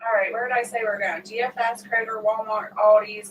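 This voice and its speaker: A woman's voice: fairly high pitch, steady tone, a little fast. A middle-aged woman hosting a casual live stream, laughing often as she tells stories. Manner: laughs often while telling prank stories. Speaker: vlog host. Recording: distant mic, faint background noise.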